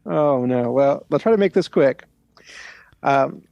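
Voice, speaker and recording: A man co-hosting a casual podcast over an online call, easygoing and quick to laugh. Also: mid-range voice, lively intonation, gravelly, warm tone, no echo, lo-fi sound. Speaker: podcast co-host. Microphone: online call over a weak connection.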